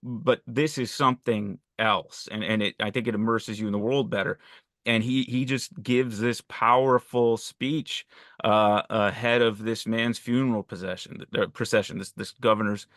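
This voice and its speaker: A man's voice: lowish voice, steady tone, moderate pace, fairly bright tone, no echo, clean studio sound. A man talking about a film on a podcast, enthusiastic, restarting his sentences and speeding up in bursts. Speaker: podcast co-host. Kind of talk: casual film discussion.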